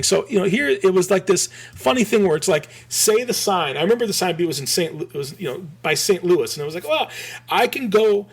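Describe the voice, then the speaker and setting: A man in his forties from Michigan, telling a rambling story as a podcast guest, full of restarts and animated asides. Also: high-pitched, fairly quick, slightly rough. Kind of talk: casual storytelling.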